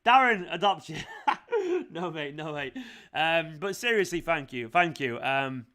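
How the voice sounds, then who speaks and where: A young man hosting a fan live stream, excitable and emphatic, repeating himself often. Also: on the high side, normal speed. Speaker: fan channel host.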